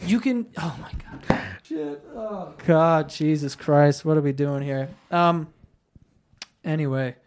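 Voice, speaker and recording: Lively exasperated podcast host. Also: medium pitch, slow pace, noisy background. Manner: reactive, exasperated, laughing often. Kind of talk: casual crude banter.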